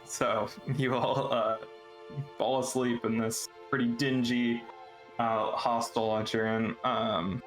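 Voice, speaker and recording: A man running a tabletop game as game master, narrating scenes in a relaxed storytelling way. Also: mid-range voice, music in the background. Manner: relaxed storyteller, breaks into quick character voices and laughs.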